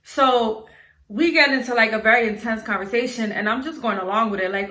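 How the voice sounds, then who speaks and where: A woman's voice: a little high, brisk, reverberant. A young woman with a New York accent telling a storytime vlog story casually, acting out her own quotes with lots of "like". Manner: animated, acts out her own quotes, frequent "like". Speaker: storyteller vlogger.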